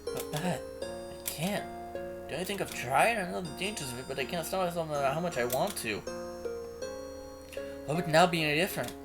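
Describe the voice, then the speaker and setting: A timid, bookish teenage girl who hesitates and trails off as she speaks, as a man puts her on. She speaks softly at a slightly raised, gentle pitch. Clear music plays underneath the whole time. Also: close to an everyday voice. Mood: sad. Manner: hesitant, halting, soft-spoken.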